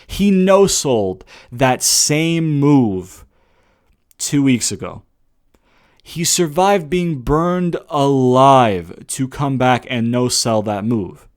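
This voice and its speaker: A young man delivers a heated, profanity-laced review in a casual ranting tone. His voice sits at an ordinary middle pitch. He peppers his talk with rhetorical questions and addresses the listener as "brother.". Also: expressive, drawn-out words. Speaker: wrestling reviewer.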